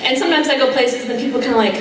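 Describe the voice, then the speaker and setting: A woman's voice: high voice, racing. A woman from South Texas with a Texan accent, a nun giving a funny, faith-filled talk to a conference crowd and laughing at her own stories. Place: large conference hall. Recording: echoey hall, speaker far off, crowd noise.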